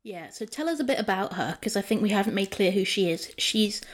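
A woman chats easily about a book, relaxed and full of fillers. Her voice sits at a mid pitch. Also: a little fast. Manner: chatty, filler-heavy, relaxed. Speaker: podcast co-host. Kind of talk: casual book discussion.

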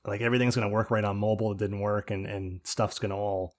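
A man's voice: on the low side, little pitch movement, fast talker. A man from New Jersey co-hosting a podcast, rambling through jokey rants with plenty of swearing. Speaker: podcast co-host. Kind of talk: casual chat.

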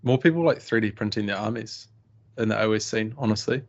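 Gravelly blunt man swearing a lot. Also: lowish voice, a little fast. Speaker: podcast guest. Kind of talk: casual podcast chat. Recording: dull lo-fi sound.

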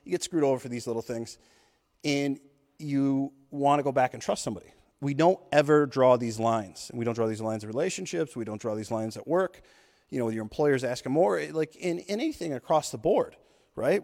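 A man's voice: medium pitch, a little fast, a little mellow. A man in his thirties hosting a podcast, delivering an intense, profane motivational monologue. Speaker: podcast host. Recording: long hall reverb.

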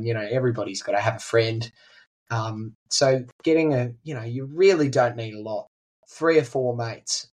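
Teen aussie guy chatting on a podcast, keeps restarting sentences, average pitch. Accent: Australian. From regional New South Wales, Australia. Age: teens. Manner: chatty, frequent ums and restarts. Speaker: guest musician. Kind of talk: casual interview chat.

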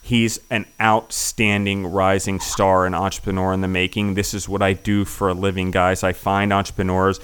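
Middle-aged male podcast host, deep and resonant, enthusiastic and rambling, voice wearing thin. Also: little pitch movement, moderate pace, hardly any pauses, a bit bright, clean tone. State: losing his voice. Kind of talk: casual interview chat.

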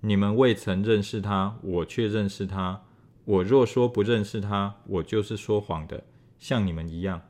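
A man reading scripture aloud in a measured, even way. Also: on the low side. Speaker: scripture reader.

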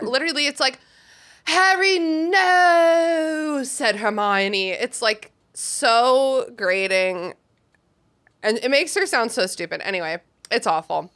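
Bright-voiced chatty woman podcaster. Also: medium pitch, moderate pace. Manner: giggly, chatty and animated. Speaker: podcast co-host. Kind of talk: casual book discussion chat.

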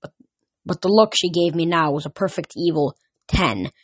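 Brief: relaxed amateur story reader, even middle pitch, dry close mic. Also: moderate pace, slightly rough, no echo. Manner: casual, with slips and restarts. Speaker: audiobook reader. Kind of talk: first-person story reading.

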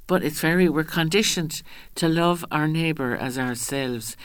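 A woman's voice: sits low, measured pace, no room sound. A woman, speaking as a guest in a radio interview. She talks in a chatty way, often restarts her sentences and acts out the voices she quotes.

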